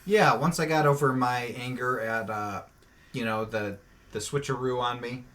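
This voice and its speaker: A man's voice: medium pitch, normal speed, a bit bright. A man, producer and regular on a podcast, talking in a laid-back, hesitant way with many fillers. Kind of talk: casual chat.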